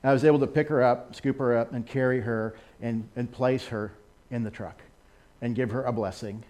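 An American man giving a sermon over a slideshow, animated, with laughing asides and excited exclamations. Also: medium pitch, moderate pace. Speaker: missionary speaker.

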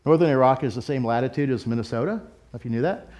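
A middle-aged pastor with a mid-range, slightly mellow voice talks fast. He preaches a sermon built around a personal story, candid, self-deprecating and conversational.

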